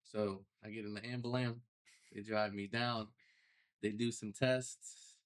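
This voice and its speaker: A young man, a podcast guest, telling his personal story in a casual, animated way with loose slang. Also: fairly low pitch, measured pace. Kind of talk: storytelling interview.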